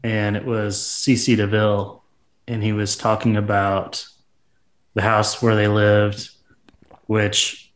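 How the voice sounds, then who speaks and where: A man's voice: lowish voice, level tone, takes it slowly, long pauses. A man co-hosting a casual music podcast, telling amused anecdotes. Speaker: podcast co-host. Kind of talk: casual chat.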